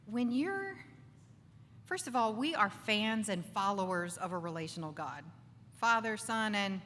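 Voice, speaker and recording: A woman giving an animated faith talk to a live audience in a bar, acting out inner voices and asking the crowd for agreement. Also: mid-range voice, a little hiss or hum. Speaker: speaker. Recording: distant voice with long reverb, faint ambience.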